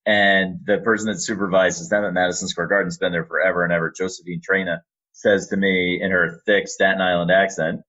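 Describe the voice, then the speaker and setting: Speaking briskly, an announcer and voice actor appears as a guest on a casual podcast, spinning animated stories and performing the quotes within them. His voice is very deep and low, and the recording comes across slightly dull and lo-fi.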